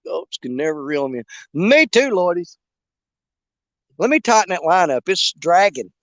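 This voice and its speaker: Man, high-pitched, casual joking livestream host by the riverbank, dry close sound. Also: sing-song, unhurried, dry recording. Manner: folksy, joking, rambling with fillers. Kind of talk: casual live chat while bank fishing. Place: outdoors on a riverbank at dusk.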